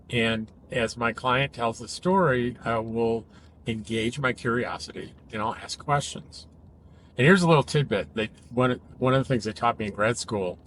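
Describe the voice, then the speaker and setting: A cognitive behavioral therapist talks casually, explaining ideas in a thoughtful, measured way punctuated by emphatic rises. His mid-range voice is a bit bright, and the poor audio carries slight background noise.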